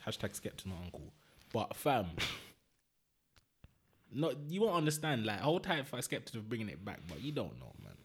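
Man, husky voice, swooping animated pitch, slangy casual podcast chat. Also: unhurried, long pauses. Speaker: podcast co-host.

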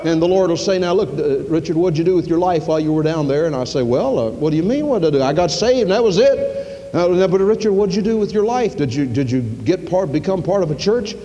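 A middle-aged male pastor preaching a sermon, telling folksy stories and acting out dialogue with sudden jumps in pitch. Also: lively intonation, fairly quick, warm tone, highs cut off. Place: church sanctuary. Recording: long reverb of a church hall.

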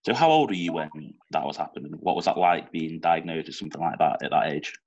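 A man's voice: very deep voice, expressive, fast, a little mellow, lo-fi sound. A young man with a Manchester accent hosting a casual podcast interview, chatty and informal. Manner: chatty, informal, with small slips. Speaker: podcast host.

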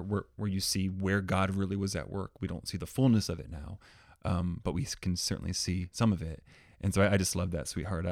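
A man with a very deep voice, recorded dry and close. He talks earnestly and eagerly, sometimes tripping over his words. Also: gravelly, dry recording. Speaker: co-host, husband. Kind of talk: casual chat.

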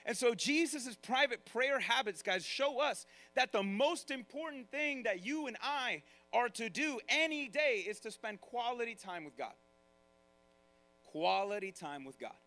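A man preaching a sermon to his congregation in a lively way, speaking straight to them and acting out the voices of the people in his stories. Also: very high-pitched, a little slow. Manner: animated, acts out quoted voices, talks straight to the congregation. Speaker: pastor.

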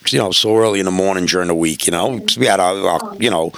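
A man's voice: low-pitched, fast talker, a crowd in the background. A middle-aged man, telling profane road stories in casual podcast chat and acting out the dialogue. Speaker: podcast guest.

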